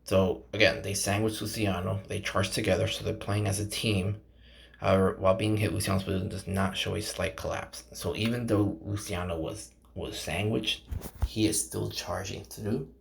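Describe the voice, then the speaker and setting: A man with a lowish, gravelly voice reads a story aloud in a loose, unpolished way. He trips over names, restarts sentences and keeps turning to his viewers to chat between passages. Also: steady tone. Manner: halting, stumbles over names, chats to viewers. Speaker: channel host reading a game novel aloud. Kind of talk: casual read-aloud with commentary.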